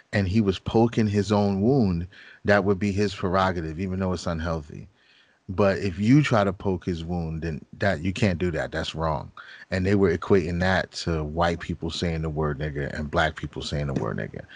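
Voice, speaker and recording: A man with a very deep voice giving blunt, profane opinions in casual podcast chat. The recording is dry and close, with no room sound. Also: a little mellow, dry recording. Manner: blunt and profane, with short agreements. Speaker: podcast co-host.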